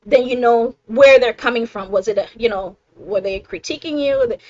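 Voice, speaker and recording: A woman's voice: a little high, normal speed, few pauses, dry recording, dull audio. A middle-aged woman hosting a live self-help stream, talking casually and emphatically, laughing often and checking in with "right?".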